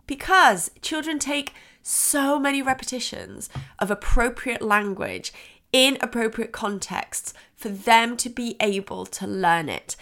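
A woman's voice: on the high side, lively intonation, a little slow, fairly bright tone. A woman hosting a parenting podcast, talking earnestly and reassuringly, acting out what a parent or child might say. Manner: quotes child and parent voices in shifting tones. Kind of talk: podcast advice talk.

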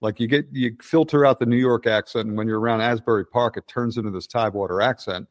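A man's voice: medium pitch, steady tone, fast, dry recording, studio quality. A man in his sixties with a Philadelphia accent, a guest in a casual interview, rambling bluntly and swearing often. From Delaware County, Pennsylvania. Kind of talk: casual profane conversation.

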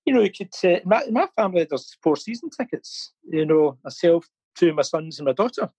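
In a casual storytelling interview, a middle-aged fan campaigner speaks fairly quickly and animatedly in a fairly high, slightly rough, somewhat mellow voice. He laughs often and repeats words while thinking, captured in low-quality, echo-free phone or video-call audio.

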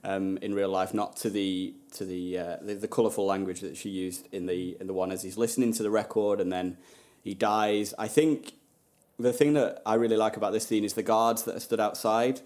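A man co-hosting a casual film podcast, hesitant with ums and quick to laugh. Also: on the low side, fairly even intonation, darkish tone. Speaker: podcast co-host. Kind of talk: casual chat about a film.

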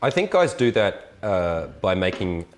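Low-voiced man telling a wild story. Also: measured pace. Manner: animated storyteller, swearing, voices others. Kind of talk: casual storytelling chat.

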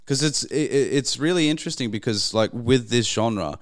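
A man's voice: mid-range voice, moderate pace. A man, hosting a podcast, rambling casually with plenty of fillers and swearing. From Australia. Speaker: podcast host. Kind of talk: casual chat.

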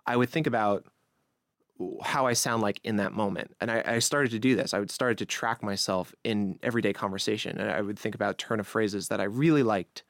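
A man from Long Island with a faint accent, talking casually as a podcast guest, relaxed and chatty with frequent restarts. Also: fairly low pitch, fairly quick, gravelly, dry recording, studio quality. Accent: light Long Island. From New York, Long Island. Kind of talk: conversational interview.

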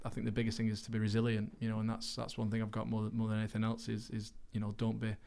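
A man's voice: on the low side, completely flat delivery, fast talker, gravelly, a little mellow. A man talking as a podcast guest in a casual interview, earnest and rambling, often restarting his sentences. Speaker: podcast guest, actor and racing driver.

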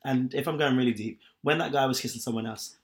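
A man's voice: mid-range voice, quick pace. A young man chatting candidly and at length, rambling with lots of fillers. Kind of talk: casual chat.

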